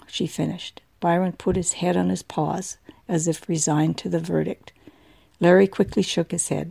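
A woman narrating an audiobook in a measured way, her low voice carrying a gravelly texture and a dark, mellow tone. The recording is dry and close, with no room sound. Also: level tone, dry recording.

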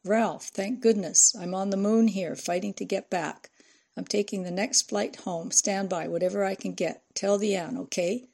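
A woman voicing a distraught middle-aged female journalist, blunt and angry on the phone, with a husky, gravelly voice. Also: mid-range voice, fairly even intonation, normal speed, a little mellow. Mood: urgent. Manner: frantic, angry outbursts on the phone.

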